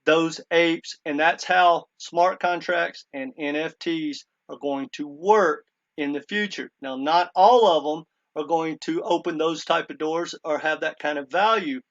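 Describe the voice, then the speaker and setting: This crypto commentator has a fairly high, fairly bright voice, steady in tone and unhurried, captured in dull audio. Talking casually to his viewers, he earnestly retells a story, quoting someone with many "he goes" asides and repeatedly saying "guys".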